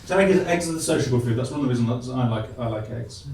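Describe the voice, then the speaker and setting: Bloke doing a jokey science talk on stage, stumbly and self-mocking, big echo, far mic. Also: male voice, medium pitch, noisy background. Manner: self-deprecating, halting, with restarts. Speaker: guest speaker. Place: live comedy venue. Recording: echoey hall from far off.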